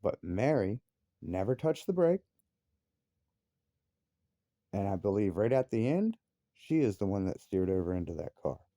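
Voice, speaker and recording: A man's voice: on the low side, sing-song, a little slow, long pauses, warm tone, no echo, studio quality. A man, a father, angrily ranting about his family with heavy swearing, his voice jumping up into outbursts. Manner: angry, profane, voice rising sharply into outbursts. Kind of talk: heated personal rant.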